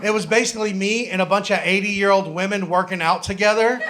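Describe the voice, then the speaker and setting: Brash, high-voiced stand-up comedian. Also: male voice, fairly even intonation, fast, a bit bright. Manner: brash storytelling, profane punchlines.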